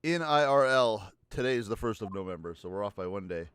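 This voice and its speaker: Expressive male game streamer. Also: on the low side, brisk, clear, resonant tone, dry recording, clean studio sound. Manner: wry, joking asides. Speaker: let's play streamer. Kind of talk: casual gameplay commentary.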